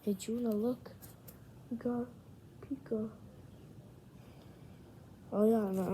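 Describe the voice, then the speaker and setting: An excited woman shows off trading cards, often dropping to a breathy whisper and then bursting out loudly. She speaks at an unhurried pace. A steady hiss of background noise runs under her voice. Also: medium pitch. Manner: excited, swings between hushed whispers and loud exclamations. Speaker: card-opening vlogger. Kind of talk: casual unboxing commentary.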